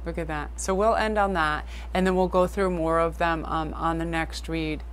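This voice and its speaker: A woman's voice: deep voice, fairly even intonation, moderate pace, a little hiss or hum. A woman doing a casual tarot reading for her viewers, gushing over the cards and calling them "you guys". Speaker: tarot reader.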